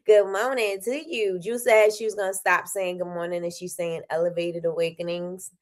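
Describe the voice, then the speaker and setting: A tired woman hosting a daily live show, chatting casually and animatedly, with sudden high exclamations. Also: normal speed, fairly bright tone. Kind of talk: casual livestream chat.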